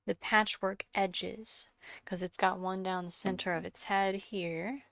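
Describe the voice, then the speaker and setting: A woman's voice: medium pitch, fairly even intonation, unhurried, gravelly, fairly bright tone, dry recording. A woman with a congested voice chatting casually as she narrates her sculpting, searching for words and dropping into whispers now and then. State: congested, coughing. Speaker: sculpting vlogger.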